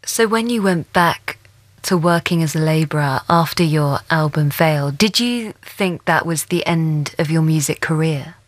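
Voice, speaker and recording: A woman host, narrating a scripted story in a measured way and asking interview questions. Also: sits low, no room sound.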